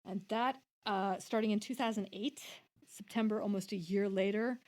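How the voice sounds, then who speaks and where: A woman's voice: medium pitch, fairly even intonation, moderate pace, a little mellow. A woman co-hosting a podcast, explaining things at length in casual chat, with many restarts and quoted voices. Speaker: podcast co-host.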